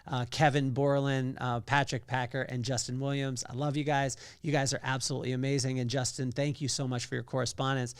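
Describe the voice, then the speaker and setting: A man's voice: mid-range voice, flat delivery, a little fast, hardly any pauses, clean tone, no room sound, studio quality. A man hosting a solo podcast, telling a story with energy and acting out the quotes in other voices. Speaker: podcast host.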